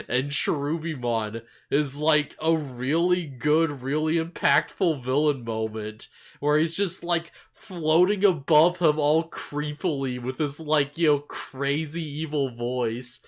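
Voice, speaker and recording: A man's voice: a little high, slow. A man chatting casually on a podcast about an anime episode, rambling with lots of fillers and restarts and laughing often. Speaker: podcast co-host.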